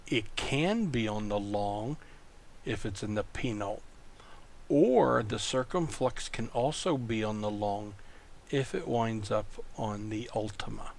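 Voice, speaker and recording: Male lecturer, slow and deliberate, gravelly fry in the voice, walks through rules step by step. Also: lowish voice. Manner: slow, explaining step by step with rhetorical checks. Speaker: Greek teacher. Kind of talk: recorded lecture.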